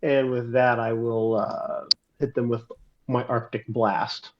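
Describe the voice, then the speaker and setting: A man's voice: medium pitch, level tone, slow pace, highs cut off, background noise. A man playing a tabletop game, describing his spell hesitantly with many restarts. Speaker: player. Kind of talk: casual tabletop play.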